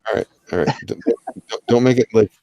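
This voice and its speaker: Low-voiced man hosting a rambling stream. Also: brisk, mellow, dry recording. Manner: rambling, filler-heavy, jokey asides. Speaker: livestream host of a drawing challenge. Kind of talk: casual livestream commentary.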